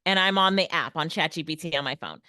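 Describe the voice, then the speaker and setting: A woman's voice: deep voice, fast, sharp tone, no echo, clean studio sound. A woman presenting an online workshop on everyday AI tools, upbeat and laughing often. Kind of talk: online tech lesson. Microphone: headset or desk mic, video call.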